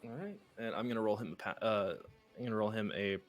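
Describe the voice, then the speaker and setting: A man runs a tabletop game, narrating scenes in a loose, rambling way, full of fillers. His voice sits on the low side. Soft music plays faintly behind him. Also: fairly even intonation, quick pace. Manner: rambling, casual, with many fillers. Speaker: game master.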